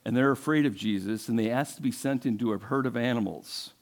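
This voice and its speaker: A man's voice: mid-range voice, brisk. A male pastor preaching a sermon, retelling a story in a conversational way and asking the congregation questions.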